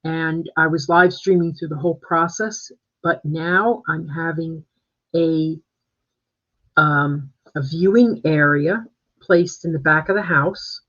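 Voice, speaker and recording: A man's voice: on the high side, fairly even intonation, slow, fairly bright tone. A man working as a real estate agent, chatting casually on a live stream from home and rambling with plenty of fillers and restarts. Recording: dull lo-fi live-stream audio.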